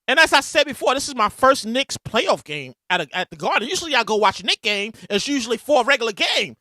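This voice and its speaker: A man hosting his podcast, telling stories in a loud, animated casual monologue. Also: extremely high pitch, fast talker, no echo, clean studio sound. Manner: animated, loud storytelling with bursts of shouting. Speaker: podcast host. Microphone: podcast mic with a soundboard.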